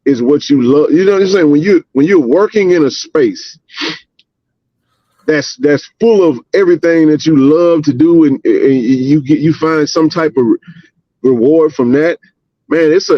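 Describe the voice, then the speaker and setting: A man hosting a live sports chat stream, talking casually and repeating points slowly so the audience catches them. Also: fairly high pitch, dull audio.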